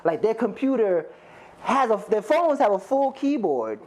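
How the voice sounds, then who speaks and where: A man's voice: high voice, very animated, measured pace, a little mellow. A man doing a stand-up comedy set, rambling, profane and conversational as he talks straight to the crowd on stage. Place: stage before a live audience.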